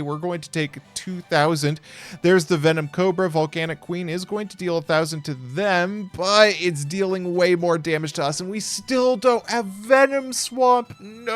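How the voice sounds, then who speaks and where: A young man giving playful, jokey play-by-play commentary on card game duels, with quick excited reactions. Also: on the high side.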